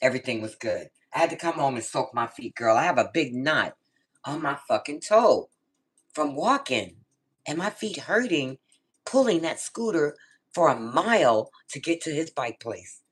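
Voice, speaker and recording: A middle-aged woman telling a story casually in her vlog, animated and swearing freely as she talks straight to her viewers and a friend. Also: low voice, normal speed, breathy edge. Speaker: vlogger.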